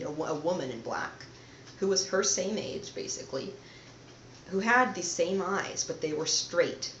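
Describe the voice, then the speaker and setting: Woman host, soft-spoken conspiratorial monologue to camera; roomy, dull-edged home audio. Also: sits low, slight background noise. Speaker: channel host.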